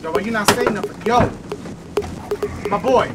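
Loud brash high-voiced man. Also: normal speed, very noisy. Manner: loud, brash slang-heavy banter. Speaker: comedy skit host. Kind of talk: comedy skit acting. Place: inside a van. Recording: loud music over the voice.

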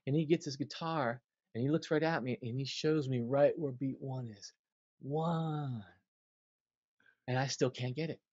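A man's voice: medium pitch, brisk, no room sound, dull audio. A man, a drummer, telling a story in an interview and acting out the quotes. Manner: animated storyteller, acts out quotes.

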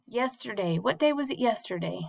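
A woman's voice: a little high, animated, a little fast, creaky, darkish tone. A woman teacher leading a morning classroom routine for young children, prompting patiently in a sing-song way. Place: classroom or home teaching space.

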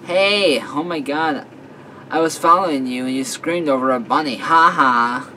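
A man's voice: on the high side, a little slow, sharp tone, slight background noise. A man voicing a playful, teasing teenage girl who is the narrator's best friend, in a read-aloud story. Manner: taunting, sing-song.

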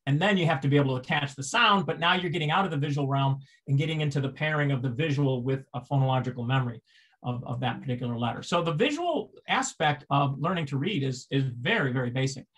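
A man's voice: medium pitch, lively intonation, quick pace, fairly bright tone, breathy edge. A man giving a seminar lecture, explaining step by step, asking rhetorical questions and restarting phrases as he goes.

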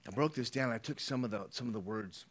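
A man preaching a sermon as pastor, animated, swinging between hushed asides and loud exclamations. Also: mid-range voice, fast.

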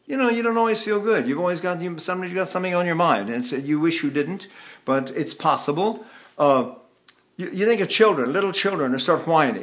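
A man's voice: sits high, brisk, fairly bright tone. An older male voice teacher explaining technique in a chatty, folksy way, breaking off to hum and sing short syllables as demonstrations. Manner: demonstrates hums and sung syllables mid-explanation. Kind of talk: vocal lesson with demonstrations.

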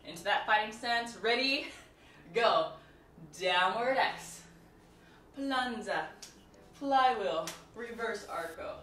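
A woman's voice: fairly high pitch, animated, slow, pauses often, fairly bright tone, a little hiss or hum. A woman teaching a martial arts routine on video, counting moves and chatting with viewers between drills. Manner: counts out moves and cues students; chatty, laughs and jokes with viewers. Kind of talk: instructional tutorial. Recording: echoey room, mic at a distance, faint music.

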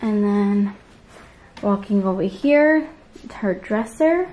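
Indoors at home, a woman shows off her apartment on a handheld phone while walking, chatting loosely with ums and small laughs. Her medium-pitched voice is animated, slow, and a little mellow, and the highs are cut off.

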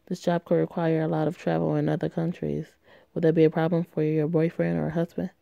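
A woman's voice: sits low, flat delivery, brisk, creaky, no echo, muffled recording. A woman voicing a stern, suave male company boss who talks in a cool, formal way.

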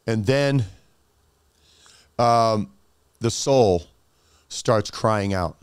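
Male pastor, lively sermon teller, clear dry voice. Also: on the low side, extremely slow, no echo. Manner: animated storytelling with restarts.

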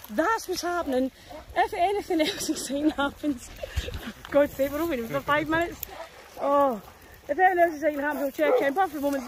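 A woman's voice: sits high, a little hiss or hum. A young Scottish woman chatting casually on a dog walk outdoors, scattered and self-mocking, with the odd swear. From Scotland. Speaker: dog walker vlogger. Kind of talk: casual chat.

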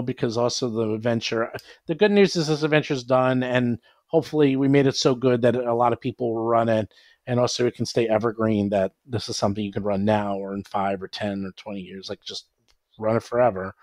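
A man talking casually on a podcast about tabletop games, lively and animated, dropping into playful voices when he quotes his players. His voice sits in the middle of the range, and the recording is dry and close. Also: mid-range voice, brisk, dry recording. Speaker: guest, adventure author and publisher.

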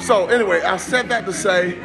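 A man's voice: sits high, fairly quick, vocal fry, music in the background. A man doing a casual live-stream comedy rant, rambling and jumping between jokes and asides.

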